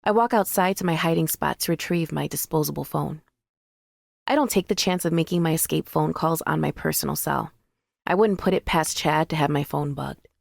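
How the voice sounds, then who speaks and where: A woman narrating a first-person audiobook in a measured, intimate way, recorded in a dry studio booth. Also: low voice, gravelly, dry recording.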